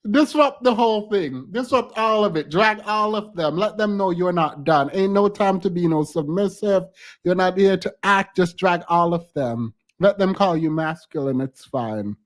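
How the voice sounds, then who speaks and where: A hoarse podcast host giving sassy, laughing commentary on a clip. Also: medium pitch, moderate pace. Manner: sassy, exclamatory, laughs often. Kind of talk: casual reaction commentary.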